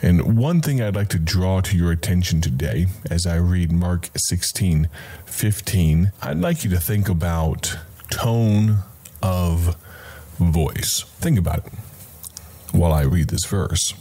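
A man's voice: low voice, expressive, warm tone. A man hosting a radio Bible program, giving a reflective devotional sermon in a conversational way, calling the listener his friend. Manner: slow, deliberate, reflective delivery with pauses.

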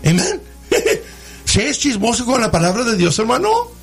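A man preaching a sermon in English and Spanish, calling his listeners brother and rising into shouted, sing-song cadences. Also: very high-pitched, big pitch swings, moderate pace, husky, soft background music. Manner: preaching, switching between English and Spanish, calling out "hermano" and "amen". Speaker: pastor. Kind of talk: bilingual sermon.

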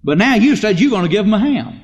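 A man's voice: high-pitched, very animated, fast, in a large hall, highs cut off, voice pushed up. Man putting on a nagging devil voice. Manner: coaxing, insistent.

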